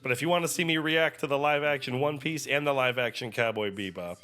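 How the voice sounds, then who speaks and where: A young man hosting an anime reaction video, chatting in an excitable, profane, animated way. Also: mid-range voice, a little fast. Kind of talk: casual reaction commentary.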